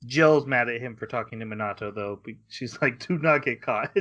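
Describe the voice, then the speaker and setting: Retelling an anime episode in a loose, rambling way, a man co-hosting a podcast acts out lines and breaks into laughter. His voice is mid-range and a bit bright, and he keeps a moderate pace.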